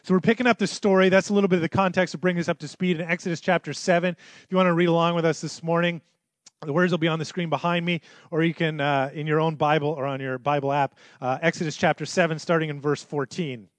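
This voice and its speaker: High-voiced male pastor preaching. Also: fairly even intonation, fast, dry recording. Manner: conversational storytelling, acting out quotes. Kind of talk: sermon. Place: church.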